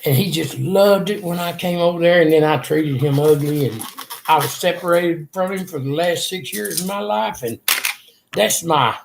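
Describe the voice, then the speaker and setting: A man's voice: fairly high pitch, normal speed, vocal fry, slight background noise. An older man, earnestly telling a rambling personal story in an interview. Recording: echoey room.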